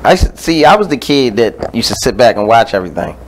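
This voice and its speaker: A man's voice: medium pitch, big pitch swings, quick pace, slight background noise, poor audio. A man guest on a radio talk show, speaking in an earnest, reflective way. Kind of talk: casual radio chat.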